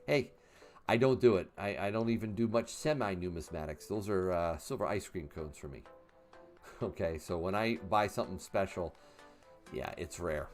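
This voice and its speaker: A man's voice: deep voice, animated, normal speed, faint music behind. A man in his fifties hosting a casual livestream, reading chat questions aloud and answering in a chatty way with fillers and laughs. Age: 50s. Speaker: livestream host.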